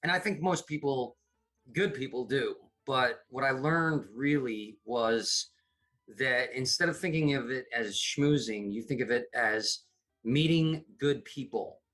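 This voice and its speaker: A man's voice: medium pitch, measured pace, fairly bright tone, soft background music. A middle-aged man from upstate New York, a comedy producer chatting as a podcast guest, rambling with many restarts. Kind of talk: casual interview chat.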